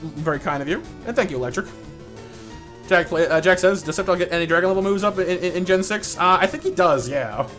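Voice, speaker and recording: Guy streaming a game, fast and stuttery, kinda high voice, music playing faint behind him. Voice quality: stutters and repeats words. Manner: fast, excitable, reads chat aloud; laughs often and playful. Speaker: live streamer. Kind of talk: casual live-stream chat.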